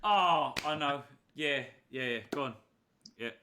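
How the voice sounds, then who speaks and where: A British man with a bright, forward voice is chatting casually over beers. He rambles and leans heavily on filler words. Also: on the high side, measured pace, slight background noise. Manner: rambling, lots of "like" and laughter. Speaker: co-host.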